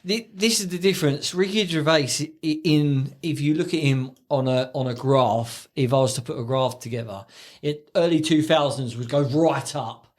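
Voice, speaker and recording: A man co-hosting a casual podcast chat, telling stories animatedly and acting out quotes in a high voice. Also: normal speed. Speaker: podcast co-host.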